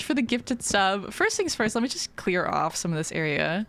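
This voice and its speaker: A woman's voice: mid-range voice, sing-song, normal speed, vocal fry, fairly bright tone. A woman streaming a video game, chatting casually with her viewers and often giggling. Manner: chatty, giggly, talks to chat. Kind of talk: casual livestream chat while playing.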